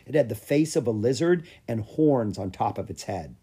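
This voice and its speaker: A man reads a children's chapter book aloud in a lively storytelling manner. His voice is husky and swings widely in pitch, while its overall pitch sits in the middle. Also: moderate pace. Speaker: audiobook reader. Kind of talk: scripted narration of a children's book.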